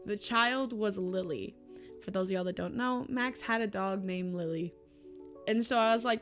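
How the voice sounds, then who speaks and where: A woman's voice: mid-range voice, lively intonation, moderate pace, faint music behind. A young woman, chatting casually to camera in a vlog, emotional and gushing, laughing often and teary. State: tearful. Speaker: YouTuber and streamer. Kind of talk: casual monthly vlog chat.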